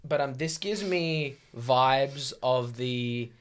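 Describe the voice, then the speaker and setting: A man co-hosting a casual podcast who rambles, laughs and fills pauses with "like" and "um". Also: mid-range voice, a bit bright. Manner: rambling, laughing, many fillers. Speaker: podcast co-host. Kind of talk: casual chat.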